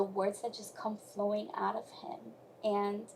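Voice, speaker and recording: A woman guest with a gravelly edge to her voice speaks softly and reflectively about her faith. At times her voice rises into emotional emphasis. Faint noise runs under the recording. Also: medium pitch, flat delivery, measured pace, hardly any pauses, poor audio. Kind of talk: personal testimony in conversation.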